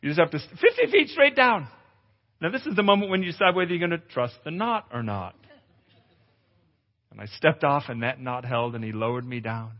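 A male pastor giving a testimonial sermon at a conference, an animated storyteller who acts out dialogue and exclaims loudly. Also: on the high side, fairly quick. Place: conference hall. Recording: echoey hall, dull lo-fi sound.

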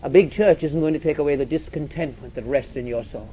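A man with a voice on the high side preaches a sermon fast, emphatic and direct, repeating phrases and urging listeners to listen. He's in a church or meeting hall with an audience. The recording is dull and lo-fi.

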